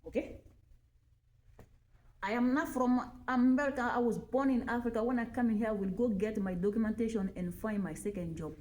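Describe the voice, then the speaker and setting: A woman talks to the camera in a casual, personal way. Her voice is warm and mellow. She drives her points home by repeating them and keeps checking in with her listener. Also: fairly high pitch, fairly even intonation, brisk. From Mali. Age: 40s. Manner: emphatic, repeats points, often checks in with "okay?".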